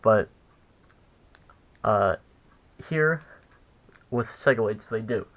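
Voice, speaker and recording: A young man giving a casual language lesson, halting and full of fillers as he corrects himself. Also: fairly low pitch, expressive, a bit bright, poor audio. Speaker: language teacher.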